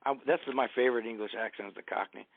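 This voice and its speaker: A man's voice: mid-range voice, fast, dry recording, narrow, tinny audio. A man talking casually and reading poems aloud on an online radio show, emphatic and profane. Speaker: poetry reader on online radio. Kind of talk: casual chat and poetry reading.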